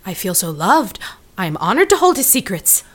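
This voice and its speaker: A woman's voice: medium pitch, sing-song, normal speed, a bit bright. A young woman in a comedy sketch, playing her own effusive, melodramatic emotional side. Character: young woman's gushing, dramatic emotional self.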